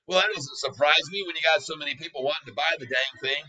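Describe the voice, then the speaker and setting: A man hosting a casual live stock-trading stream, hyped and excitable, laughing often and calling his viewers folks. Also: fairly high pitch, fast, hardly any pauses, recorded from a distance, rough recording. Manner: talks straight to viewers as folks. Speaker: stock market livestream host.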